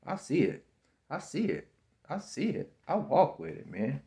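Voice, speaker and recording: A man in his fifties giving a slow, repetitive, preachy spiritual monologue about self-belief, often calling the listener baby. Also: on the high side, big pitch swings, warm tone.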